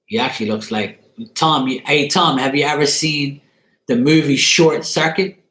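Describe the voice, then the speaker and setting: A man's voice: a little high, moderate pace, fairly bright tone. A man hosting a tarot channel, telling a profane story in a casual, laughing rant. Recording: roomy echo.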